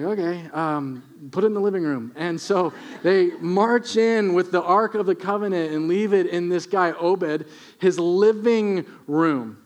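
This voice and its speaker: A middle-aged male pastor with a high, light voice delivers a storytelling sermon. He mixes humor into his retelling and keeps an animated, conversational manner.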